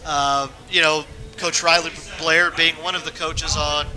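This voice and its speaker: A man's voice: fairly high pitch, level tone, poor audio. A man giving chatty, joking play-by-play commentary of a youth baseball game from a press box. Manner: chatty, jokey, quick with restarts. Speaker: play-by-play announcer. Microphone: press box mic.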